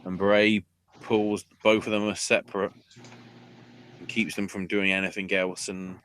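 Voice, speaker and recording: A man's voice: low voice, little pitch movement, measured pace, a bit bright, a little hiss or hum. A man hosting a podcast, giving a rambling, sarcastic play-by-play recap with casual swearing. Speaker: podcast host.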